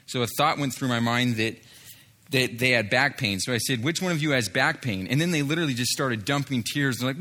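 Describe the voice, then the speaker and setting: A man's voice: medium pitch, fairly quick, sharp tone. A man telling a story from street ministry, with many fillers and restarts, acting out what others said. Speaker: street evangelist telling a testimony. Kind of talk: spoken testimony story.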